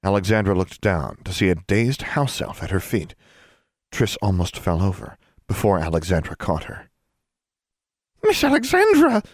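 A man reading fiction aloud as narrator in a measured, quietly dramatic way. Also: low voice, no room sound, studio quality.

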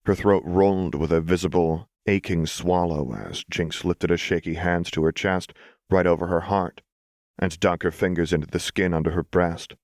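Deep-voiced man reading a story aloud. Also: dry recording, clean studio sound. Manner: measured, calm storytelling. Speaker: audiobook reader. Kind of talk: scripted narration.

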